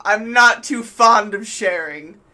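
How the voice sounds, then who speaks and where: A man voicing a gleeful, taunting male villain who yells gloatingly across to another ship. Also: high voice, slow, pitched above the performer's own voice, full character voice. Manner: loud, gloating, sing-song shouting.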